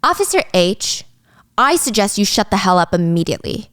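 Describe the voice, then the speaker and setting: A woman's voice: medium pitch, sing-song, normal speed, fairly bright tone, no echo, clean studio sound. A woman voicing a scornful male police chief who sneers and threatens.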